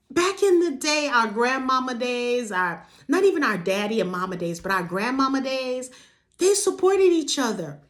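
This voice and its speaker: High-voiced woman ranting emphatically. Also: expressive, moderate pace, fairly bright tone. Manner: emphatic, repeats rhetorical questions; casual vernacular, sudden jumps in pitch. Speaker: vlog host. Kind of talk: passionate monologue to camera.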